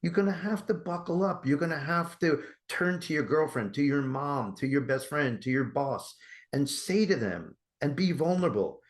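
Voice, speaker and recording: A man talking as a guest on an interview podcast, energetic and persuasive, often asking rhetorical questions. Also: a little high, normal speed. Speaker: guest, mental health campaign creator.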